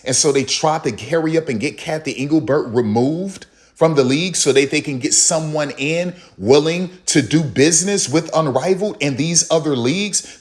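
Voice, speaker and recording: A man delivering heated, opinionated sports commentary, repeating himself for emphasis and acting out what others said. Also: fairly high pitch. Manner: heated, repetitive, emphatic, acts out others in quotes. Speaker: commentary channel host.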